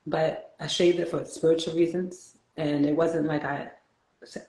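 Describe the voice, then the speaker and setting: A woman's voice: low-pitched, flat delivery, measured pace, dark tone. Chatty New York woman, echoey room. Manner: chatty, laughs easily, reflective. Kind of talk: casual spiritual chat.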